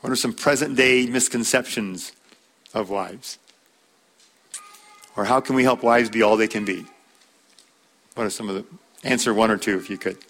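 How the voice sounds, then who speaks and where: A man's voice: lowish voice, fairly even intonation, normal speed, long pauses, fairly bright tone. A man teaching a church class on marriage, talking in a conversational way, repeating words and using fillers.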